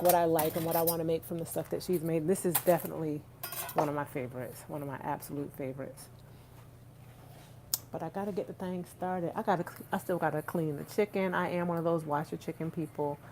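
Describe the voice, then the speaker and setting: A woman's voice: low voice, a little hiss or hum, poor audio. Chatty woman livestreaming from her kitchen. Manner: chatty, warm-hearted, laughs often, talks to viewers directly. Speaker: vlogger hosting a livestream. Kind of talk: casual livestream chat while cooking. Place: home kitchen, rain outside. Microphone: phone set on the counter.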